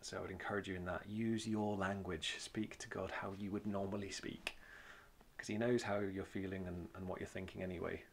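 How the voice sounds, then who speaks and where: A man with a Welsh accent teaches on prayer in a casual, everyday way, using lots of "um" and "uh" and circling back to repeat his key points. His voice sits fairly low and has a gravelly fry to it. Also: little pitch movement, fairly quick, a little hiss or hum. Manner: conversational, plain-spoken, with frequent fillers and repetition for emphasis. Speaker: church speaker leading a prayer talk. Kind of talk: informal sermon teaching.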